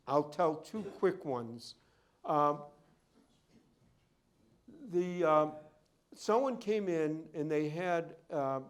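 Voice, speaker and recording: A man who deals in and appraises rare books, telling rambling anecdotes at a library talk. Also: a little high. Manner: rambling storyteller, goes off on tangents. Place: library event room.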